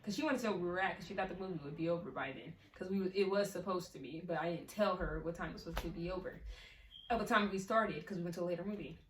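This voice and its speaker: A woman's voice: on the low side, rapid-fire, reverberant, recorded from a distance. A teenage girl telling a storytime in a rambling, chatty way, full of fillers. Her voice bounces around a small room and sits a little back from the mic. A faint hiss hangs under it. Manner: chatty, many fillers, laughs often. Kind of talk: casual storytime.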